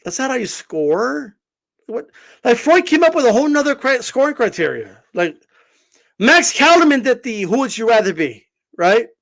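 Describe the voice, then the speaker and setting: A man talking boxing in a casual vlog, animated and swearing, rambling with lots of fillers. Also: very high-pitched, moderate pace, creaky. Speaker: boxing commentator.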